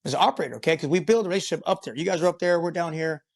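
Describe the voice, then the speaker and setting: A man's voice: a little high, racing, vocal fry. A man who works as a construction foreman, a podcast guest telling a work story in a rambling, profane way full of fillers. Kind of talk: casual storytelling interview.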